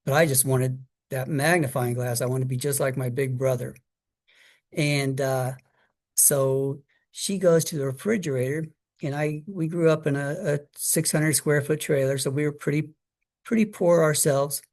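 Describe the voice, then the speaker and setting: A middle-aged man tells a childhood story in a relaxed, conversational way, with plenty of fillers and restarts along the way. His voice sits at an ordinary, medium pitch, and he slips briefly into higher quoted voices. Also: normal speed. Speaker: guest speaker. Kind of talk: personal story told to an audience.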